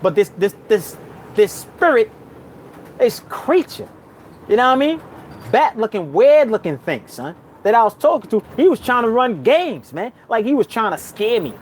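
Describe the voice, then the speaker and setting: Animated slangy New York man. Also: normal speed, a little hiss or hum. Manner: slangy, calls the listener son and bruh; swings between loud outbursts and low murmurs. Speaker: spiritual vlogger. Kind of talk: casual storytelling monologue.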